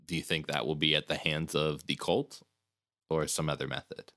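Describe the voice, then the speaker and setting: A man's voice: very deep voice, steady tone, normal speed, fairly bright tone, no room sound, studio quality. A man co-hosting a podcast, asking questions in a hesitant, searching way. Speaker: podcast co-host. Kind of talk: casual podcast chat.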